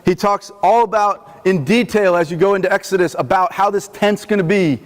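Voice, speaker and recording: Guy giving a chatty sermon, high tenor voice, long reverb in the chapel. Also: brisk. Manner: conversational, animated teaching. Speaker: chaplain. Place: army post chapel.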